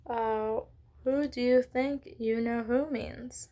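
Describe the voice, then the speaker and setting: Friendly read-along host, woman, slightly high voice, stops often to ask readers questions. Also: steady tone, slow, mellow. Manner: chatty, stops to ask questions and apologize for slips. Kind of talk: children's book read-aloud.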